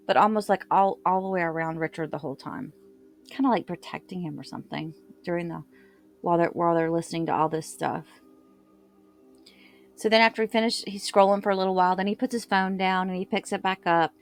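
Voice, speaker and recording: Chatty woman retelling testimony. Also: on the low side. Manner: loose recap with filler words and self-corrections, quoting others. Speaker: true crime commentator. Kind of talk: casual retelling of court testimony.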